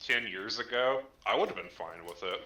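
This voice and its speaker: Very bright-voiced man in an echoey room. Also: fairly low pitch, moderate pace. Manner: rambling, many fillers, excited. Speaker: co-host. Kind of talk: casual gaming chat.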